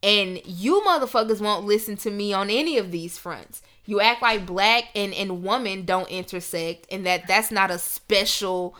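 A woman's voice: medium pitch, moderate pace, hardly any pauses, pushed and bright. A young woman hosting a podcast, ranting in a heated, emphatic, profane casual talk. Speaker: podcast host.

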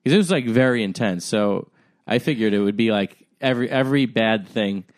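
A young man with a lowish voice tells a story in casual podcast chat, loose and rambling, full of "like" and "um" as he pokes fun at himself. The sound is dry and close, with no room echo. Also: fairly quick. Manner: rambling, full of "like" and "um", self-deprecating. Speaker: podcast co-host.

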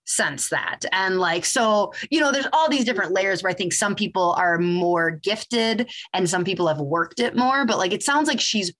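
A woman's voice: mid-range voice, lively intonation, moderate pace, hardly any pauses, a bit bright. A woman hosting a podcast, a chiropractor who explains things in a casual, teacherly way. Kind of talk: casual interview chat.

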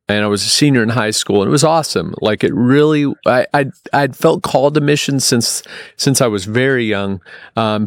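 A man in his thirties telling a personal story as a podcast guest, halting often with restarts and fillers. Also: mid-range voice, dry recording, clean studio sound. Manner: rambling, halting, many restarts and ums.

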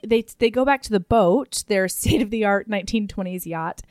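A young woman on a book podcast speaks at normal speed with a medium-pitched, slightly mellow, clear and resonant tone, recorded at studio quality with no room sound. Chatting casually with her co-host, she's blunt and candid and swears freely.

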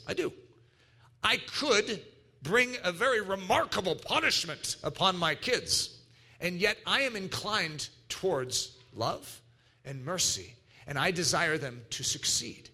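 A man preaching a sermon, emphatic and animated, acting out little quoted voices as he teaches. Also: high-pitched. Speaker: pastor.

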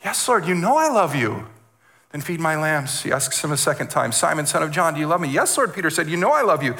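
A man preaching as a guest speaker, animated, repeating words and acting out the voices he quotes. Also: on the high side, fast. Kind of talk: sermon.

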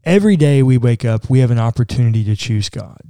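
A man's voice: mid-range voice, lively intonation, quick pace, mellow, smooth, no room sound, clean studio sound. A man, a pastor, talking earnestly in a podcast discussion, with a casual, conversational manner. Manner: earnest, conversational, says "like" often.

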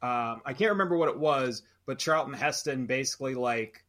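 Bright man explaining his take on a film. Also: mid-range voice, fairly quick. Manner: thoughtful, explains his reading. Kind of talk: casual film discussion.

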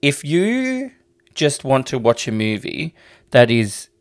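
A man's voice: mid-range voice, sing-song, slow pace. A man co-hosting a podcast in casual chat, rambling and hesitant, swearing freely. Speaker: podcast co-host.

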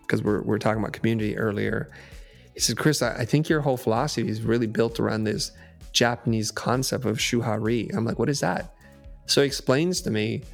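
A man talking as a podcast guest and coach, telling stories in an animated, emphatic way. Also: medium pitch, vocal fry. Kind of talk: storytelling in conversation.

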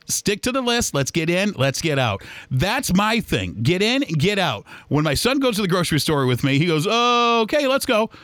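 This podcast host from Michigan, US talks solo in a chatty, rambling way about errands, voicing the shoppers he describes. He sounds a little high and a bit bright, with big pitch swings, a moderate pace and hardly any pauses, on a dry recording.

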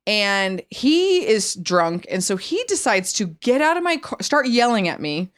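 A woman's voice: mid-range voice, a little slow, clear, resonant tone. A woman co-hosting a podcast, telling a funny story in casual chat and acting out the people in it. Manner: animated storyteller, acts out quotes. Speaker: podcast co-host.

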